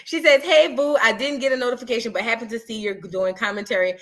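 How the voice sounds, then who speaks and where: Speaking fast in a fairly high, fairly even voice, this livestream commentary host reads super chats aloud and thanks her viewers. She's chatty and sassy throughout, addressing people as girl and boo on her casual stream.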